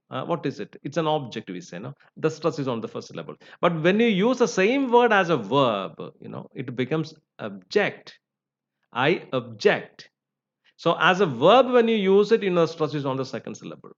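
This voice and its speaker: A man's voice: fairly high pitch, big pitch swings, normal speed. A man teaching English phonetics, with many "you know" and "uh" fillers. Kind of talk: lecture. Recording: slightly dull recording.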